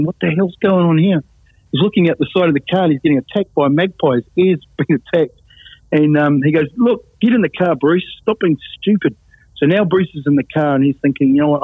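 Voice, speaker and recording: A man's voice: mid-range voice, slightly rough, no room sound. A man telling his life story in casual talk, acting out the voices of others and laughing often. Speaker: guest telling his testimony. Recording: tinny phone-like line, dry.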